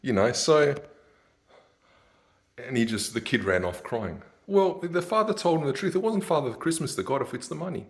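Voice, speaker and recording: A man's voice: mid-range voice, very animated, moderate pace. A man, ranting in a rambling, sardonic monologue and laughing at his own jokes. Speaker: vlogger.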